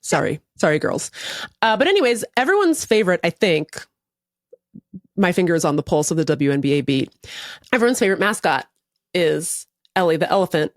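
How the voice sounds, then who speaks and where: A woman co-hosting a podcast, chatting casually in a wry, deadpan way with some swearing. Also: fairly low pitch, a little fast, no room sound, studio quality. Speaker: podcast co-host.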